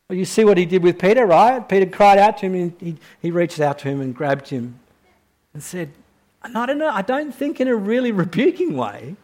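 A male preacher with a notably high-pitched voice delivers a sermon to his church. He shifts between hushed, slow reflection and rising, emphatic questions. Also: lively intonation. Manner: swings from quiet, low reflection to loud, high-pitched questioning.

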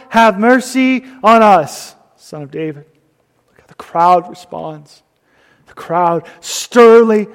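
A man preaching a sermon, swinging between loud emphasis and hushed whispers. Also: sits high. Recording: long reverb of a hall.

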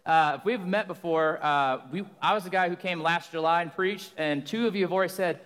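A loud, joking young man preaches as a guest speaker and spins a comic story on a microphone. His voice sits fairly high for a man. The church hall around him rings with long reverb. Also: brisk. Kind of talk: sermon. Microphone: handheld or stage microphone.

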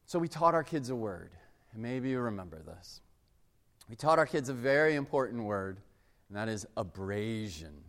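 A man's voice: lowish voice, very animated, moderate pace, fairly bright tone. A man preaching a casual, story-driven sermon, chatting loosely with plenty of "like" and acting out family scenes. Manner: chatty, uses "like" a lot, acts out family scenes. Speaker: pastor. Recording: long hall reverb.

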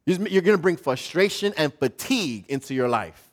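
A man preacher voicing God as a patient father, calm and gently reproachful. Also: a little high, a little fast.

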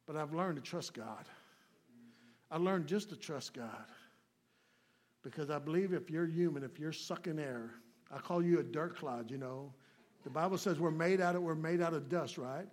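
A man with a notably high speaking voice delivers a sermon as a visiting preacher. His talk is folksy and plainspoken. He lunges into loud, emphatic lines and then pulls back to soft, low asides. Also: normal speed. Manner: folksy, swings between loud emphatic and hushed. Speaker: guest preacher.

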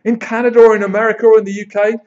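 A man preaching a sermon in church, telling stories with lively acted-out quotes. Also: high voice, very fast. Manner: animated storyteller, acts out quoted voices. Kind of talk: sermon with storytelling. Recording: dull lo-fi sound.

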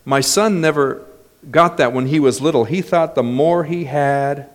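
A man's voice: on the high side, measured pace. A middle-aged man preaching a sermon, telling stories with joking asides. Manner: lively storytelling with joking asides. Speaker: pastor.

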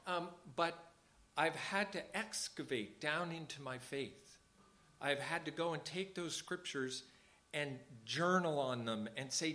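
A man's voice: a little high, a little slow, bright, forceful tone. A man leading a small church service, talking informally and earnestly and repeating phrases for emphasis. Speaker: church leader.

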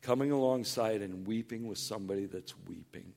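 A man preaching a sermon as a pastor, earnest and conversational. He acts out people's words in a higher, louder tone and goes soft on tender points. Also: brisk, gravelly. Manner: animated, acts out quoted voices in a higher, louder tone.

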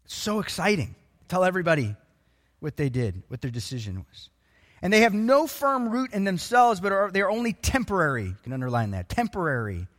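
A man preaching a sermon, emphatic and animated, quoting scripture. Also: high-pitched, a little fast, long reverb tail. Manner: animated and emphatic, acts out voices of people.

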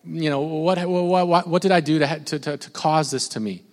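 A man's voice: a little high, fairly quick. A man from Minnesota preaching a sermon in a casual, conversational way, often repeating his words. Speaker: pastor. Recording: long hall reverb.

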